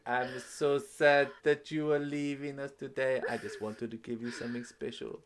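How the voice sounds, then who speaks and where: A man's voice: medium pitch, little pitch movement, moderate pace, pitched above the performer's own voice, natural voice. A man playing a smarmy, lovestruck suitor. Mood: flirty.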